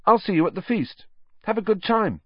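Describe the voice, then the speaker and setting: A man voicing a withdrawn teenage boy who answers in a flat, offhand, listless way. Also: high voice, fairly quick, husky, dry recording, pitched above the performer's own voice. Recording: dull lo-fi dry recording.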